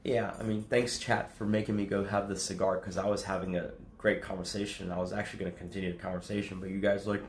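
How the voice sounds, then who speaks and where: A man's voice: sits low, flat delivery, quick pace, hardly any pauses, roomy sound, a little hiss or hum. A man livestreaming casual chat to his viewers, rambling and swearing, often laughing. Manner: rambling, profane, laughs a lot.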